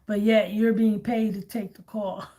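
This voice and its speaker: A woman's voice: mid-range voice, little pitch movement, measured pace, dark tone. A woman hosting a live tarot stream, telling stories in a casual, chatty way and laughing often.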